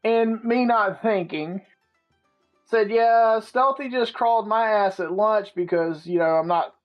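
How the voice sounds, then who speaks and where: A man hosting a podcast, telling a story in a casual, profane and animated way. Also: high voice, a little slow. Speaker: podcast host. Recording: slightly muffled with faint music.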